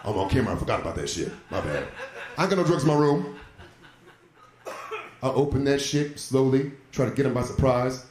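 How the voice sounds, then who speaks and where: A man doing a stand-up comedy set on a club stage, telling a profane story about his son and dog and jumping into loud, high voices for the quotes. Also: animated, brisk, long pauses. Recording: roomy club echo.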